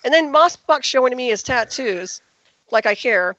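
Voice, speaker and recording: On a call-in radio interview, a female guest recounts her story emphatically and with indignation. Her voice is high-pitched, somewhat bright, and lively in intonation, at a normal pace, captured in a dull, dry lo-fi recording.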